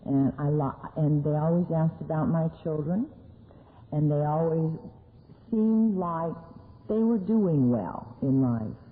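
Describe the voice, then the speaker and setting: A woman's voice: deep voice, slow. A middle-aged woman speaking at a recovery meeting, telling her own story with candid, self-mocking humor. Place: meeting hall. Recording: tinny lo-fi 1982 tape recording.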